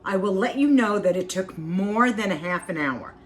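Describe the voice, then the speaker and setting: A woman's voice: medium pitch, lively intonation, moderate pace, a little hiss or hum. A woman hosting a casual cooking vlog, homey and talkative, repeating herself and humming as she tastes. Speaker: cooking vlogger.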